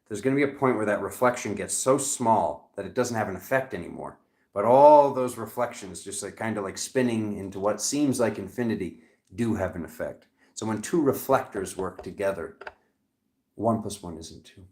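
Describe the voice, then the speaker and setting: A man's voice: fairly low pitch, moderate pace, a little mellow, roomy sound. A man giving a live tarot reading who gets fired up and rants, repeating himself and breaking off mid-sentence. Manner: heated, ranting, talks over himself. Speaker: tarot reader.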